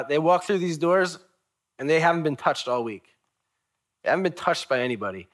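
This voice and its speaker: A young adult man, a pastor preaching a sermon, animated with sudden loud rises and soft drops. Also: medium pitch.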